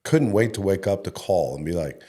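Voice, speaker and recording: A man's voice: low-pitched, animated, normal speed, warm tone. A middle-aged man from Denver, a head coach being interviewed, telling stories loosely and chattily with fillers and a bit of swearing. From Denver, Colorado, USA. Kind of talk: casual interview storytelling.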